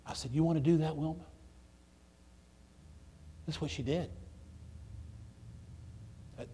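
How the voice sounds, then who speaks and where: A middle-aged man, a preacher telling folksy stories in a sermon, swinging between loud outbursts and hushed, near-whispered passages. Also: on the high side, steady tone, takes it slowly, husky. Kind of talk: storytelling sermon.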